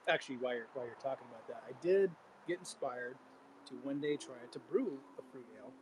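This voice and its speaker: A man's voice: medium pitch, animated, fast, noisy background. A man co-hosting a homebrew show, chatting casually on a live stream in a laid-back way and often calling people "man".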